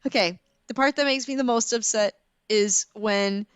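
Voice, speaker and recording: A young woman co-hosts a podcast in relaxed, casual conversation. She tells her stories with animated, dramatic flair and laughs often. Her voice is smooth and resonant, recorded dry and close. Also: a little high, normal speed, dry recording. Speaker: podcast co-host. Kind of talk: casual chat.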